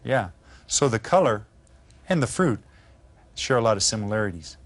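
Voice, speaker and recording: A man teaching Spanish vocabulary to children, pronouncing each word slowly and drawn out, then asking the class to repeat it with friendly encouragement. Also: fairly low pitch, lively intonation. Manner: slow, drawn-out pronunciation of vocabulary words.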